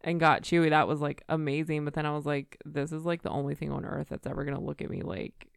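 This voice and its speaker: Young female co-host, low gravelly voice, blunt casual chat. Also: level tone, fast talker, dry recording, studio quality. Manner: blunt, fillers and swearing. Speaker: podcast co-host.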